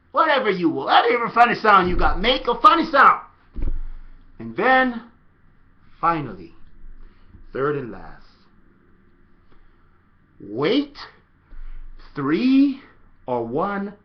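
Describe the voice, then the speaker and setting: Soccer coach man, slow-spoken and lively, playful with sudden loud shouts, dull lo-fi recording. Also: sits high. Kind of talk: casual video tutorial.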